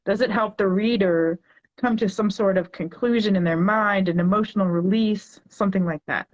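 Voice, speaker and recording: A woman in her forties, a poet guest, talking in a chatty, animated way with lots of filler words. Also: medium pitch, moderate pace, highs cut off. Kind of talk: casual interview chat.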